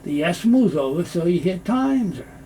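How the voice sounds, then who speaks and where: A man teaching English pronunciation, explaining slowly and repeating phrases to show how they sound. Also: high voice, sing-song, dark tone, a little hiss or hum. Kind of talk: pronunciation lesson.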